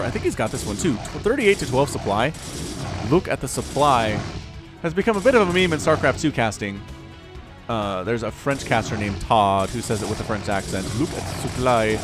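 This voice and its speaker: Animated male game caster. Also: medium pitch. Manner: animated, quick bursts of excitement and asides. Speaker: StarCraft caster. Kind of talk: excited game commentary.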